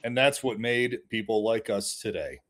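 A man's voice: on the low side, moderate pace, a bit bright. A man making wisecracks and asking questions while watching a movie with friends. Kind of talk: casual movie-watching chat.

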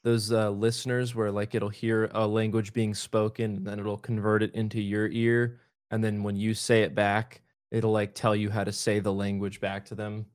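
A man from the United States, a first-time podcast guest, rambling with halting restarts. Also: fairly low pitch, level tone, clean tone. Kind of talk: casual chat.

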